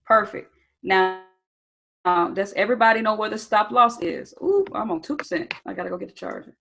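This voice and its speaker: A young woman who teaches trading runs a live online training session, with a medium-pitched voice that is brisk, gravelly and slightly bright. She keeps it casual and chatty, calling viewers "you guys" and "y'all," asking "okay?" often and asking for answers in the chat. The recording quality is low.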